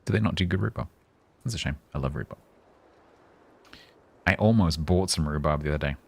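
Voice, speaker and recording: A man's voice: extremely low pitch, brisk, vocal fry, a little mellow, breathy edge. A man streaming a game live, chatting casually in a rambling, self-mocking, joking way.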